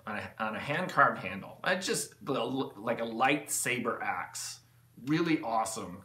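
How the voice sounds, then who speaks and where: Rambling, excitable man in an echoey workshop. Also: mid-range voice. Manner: rambling, enthusiastic, with many fillers and restarts. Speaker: channel host. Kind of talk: rambling casual vlog talk. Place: home workshop.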